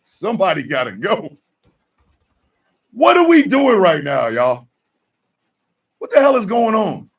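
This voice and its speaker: A man hosting a morning show, ranting in a fired-up monologue with shouted mock call-outs, his voice a bit off-mic. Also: high voice, wildly swooping pitch, a little slow, pauses often, far from the mic.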